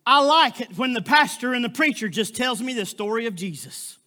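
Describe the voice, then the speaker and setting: A man's voice: very high-pitched, lively intonation, normal speed, pushed and bright. A man preaching a sermon as a guest preacher, fervent and exclamatory, with frequent interjections.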